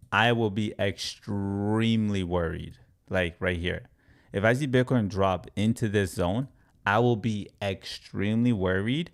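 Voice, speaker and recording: A man with a lowish voice talks through price charts in a casual, energetic way. He repeats his key points and sometimes slips into a mock-panicked trader voice. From Canada. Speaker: crypto YouTuber. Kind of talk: casual market commentary.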